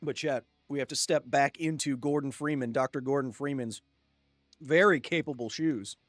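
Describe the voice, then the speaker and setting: Male streamer, relaxed chatty delivery, dry booth sound, faint guitar bed behind. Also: medium pitch, moderate pace, no room sound. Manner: chatty, jokey, reads chat aloud and laughs often. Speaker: gaming livestream host. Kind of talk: casual live-stream chat.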